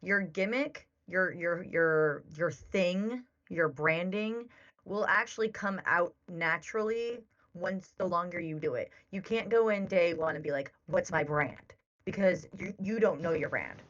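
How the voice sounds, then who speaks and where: Chatty woman with a low voice giving advice on a podcast, dull lo-fi mic sound. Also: measured pace, fairly bright tone. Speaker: podcast co-host. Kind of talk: casual podcast chat.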